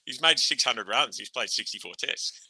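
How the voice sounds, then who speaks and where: Blunt, sweary Australian man, dry and bright. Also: mid-range voice, lively intonation, normal speed, slightly rough, no echo, rough recording. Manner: blunt, sweary, laughs often. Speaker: podcast co-host, ex-cricketer. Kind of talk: casual sports chat.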